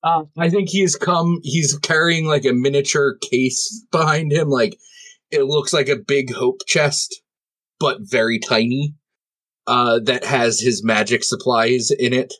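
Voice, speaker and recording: A man's voice: medium pitch, steady tone, a little slow, a bit bright. A man playing a tabletop game, describing scenes in a rambling way with lots of fillers. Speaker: player.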